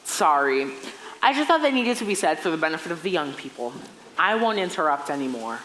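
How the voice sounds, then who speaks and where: A woman's voice: deep voice, sing-song, fairly quick, fairly bright tone, a little hiss or hum, rough recording. A young woman playing a lonely male musical fan who talks wistfully to the audience in a stage play. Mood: rambling. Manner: chatty, wistful asides to audience. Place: theater stage.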